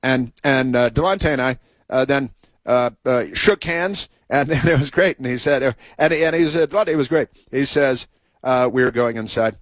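A man's voice: mid-range voice, moderate pace, no echo. Man, talk show host, meandering storytelling, lots of restarts, dry close sound. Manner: meandering, full of restarts and asides. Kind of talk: rambling storytelling and political commentary.

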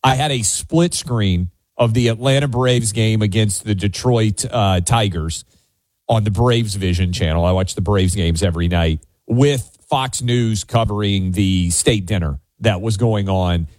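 Man, radio co-host, low voice, dry close studio sound, chatty. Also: a little mellow, no room sound. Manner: chatty, fast-talking, enthusiastic. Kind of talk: casual political chat.

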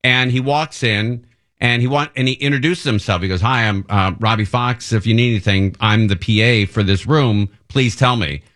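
A radio host chats casually on his station show, his voice at a medium pitch and an ordinary pace. He's a relaxed storyteller who wanders through rambling tales, often restarting his sentences.

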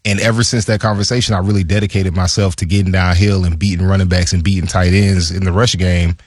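Husky-voiced man telling animated sports stories. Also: fast talker, dry recording, clean studio sound. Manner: animated storyteller, acts out quotes in a higher voice. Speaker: former player, podcast co-host. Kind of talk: casual sports chat.

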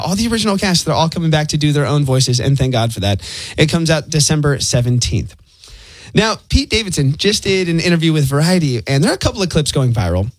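A man reading entertainment headlines on morning radio and bantering with the host in a studio, quick and upbeat, laughing easily. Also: a little high, no echo. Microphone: studio microphone.

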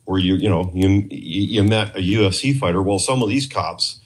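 A low, husky male voice tells a story in a casual interview and keeps breaking off into little acted quotes. He is a talk show guest from Canada who used to train police, and he rambles from one detail to the next. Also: moderate pace.

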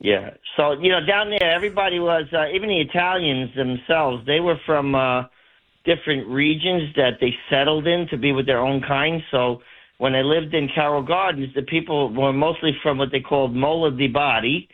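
A talkative caller from Brooklyn with a New York accent, telling long stories over a thin, tinny phone line. His voice sits a little high for a man. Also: moderate pace. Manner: chatty, rambling storyteller. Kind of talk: casual call-in chat.

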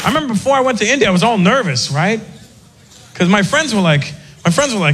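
A male comedian doing a stand-up set with animated storytelling and quick asides. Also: high-pitched. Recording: live set with audience noise.

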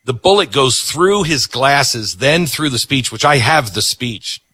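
A man hosting a talk show, telling a story with animation and reading ads. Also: mid-range voice. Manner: animated storyteller, quick ad delivery. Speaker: host. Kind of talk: talk show chat and ad read.

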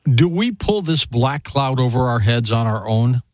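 A man hosts a call-in radio show with an animated, up-and-down delivery, friendly and quick to laugh. The sound is close and dry. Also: medium pitch, no room sound. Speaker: radio host.

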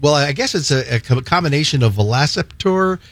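A man co-hosting a talk show, reading out listener texts in a halting, amused way. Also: a little high, animated, fairly bright tone, dry recording. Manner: halting, laughing between readings. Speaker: radio co-host.

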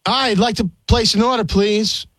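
A man making a prank call, placing a food order calmly and apologizing for his friend. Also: high voice, normal speed, no echo, studio quality. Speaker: prank caller.

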